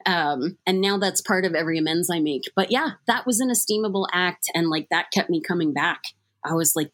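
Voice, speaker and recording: A woman's voice: fairly low pitch, brisk, a bit bright. A young adult woman sharing a candid recovery story in casual, self-deprecating talk full of fillers.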